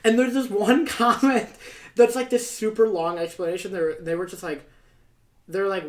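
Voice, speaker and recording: A man's voice: high voice, a little fast, roomy sound. Young male podcast co-host, casual storyteller, loose and rambling, lots of filler words. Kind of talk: casual chat.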